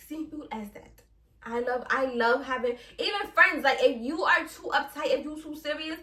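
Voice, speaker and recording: A woman's voice: sits high, fairly bright tone, far from the mic. A young woman from Brooklyn with a New York accent, hosting a casual solo podcast in a blunt, sassy way and laughing often. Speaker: podcast host. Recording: roomy sound, a bit off the mic.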